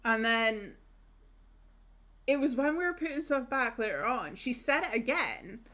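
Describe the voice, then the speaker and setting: A woman's voice: on the high side, animated, unhurried, pushed and bright. A young woman from northeast Scotland with an Aberdonian accent, chatting casually and rambling through stories while streaming a game. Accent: northeast Scottish (Aberdonian). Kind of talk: casual chat while gaming.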